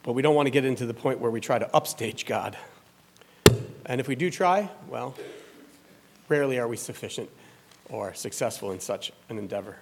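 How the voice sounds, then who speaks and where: A man's voice: medium pitch, lively intonation, brisk, gravelly, long pauses, slight background noise. A man preaching a sermon in an earnest, conversational way, with fillers and rhetorical questions. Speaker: pastor.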